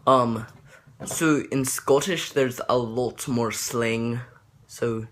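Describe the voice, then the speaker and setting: A man's voice: medium pitch, extremely slow, fairly bright tone. A young man talking casually about accents, rambling and hesitant with many fillers and restarts. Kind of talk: casual accent tutorial vlog.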